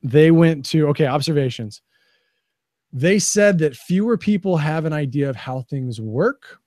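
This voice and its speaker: A man hosting a podcast, giving opinionated, animated commentary in casual chat. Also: fairly high pitch, unhurried, no echo, clean studio sound. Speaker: podcast host.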